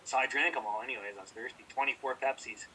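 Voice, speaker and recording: A man's voice: medium pitch, fast talker, pushed and bright, recorded from a distance, slight background noise, poor audio. A young man co-hosting a podcast, telling a rambling story in casual chat, profane and heated. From British Columbia, Canada. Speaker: podcast co-host.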